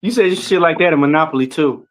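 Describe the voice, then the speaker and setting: Laid-back wrestling-podcast co-host, high voice, easy laughing banter. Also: male voice, quick pace. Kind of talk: casual wrestling chat.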